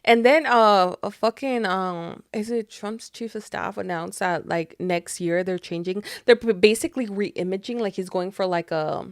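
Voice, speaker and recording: A woman co-hosting a casual podcast at a middling pitch. She retells a story in a loose, rambling way, full of fillers, restarts and swearing. Her voice sounds dry and close. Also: normal speed, hardly any pauses, dry recording. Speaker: podcast co-host. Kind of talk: casual chat.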